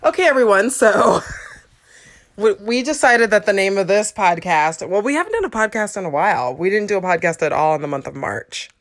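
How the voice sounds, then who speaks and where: A woman's voice: medium pitch, expressive, normal speed. A woman hosting a podcast, out of breath and laughing, rambling and restarting her intro. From Southern California. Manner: giggly, rambling, restarts often. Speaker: podcast host. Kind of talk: casual chat.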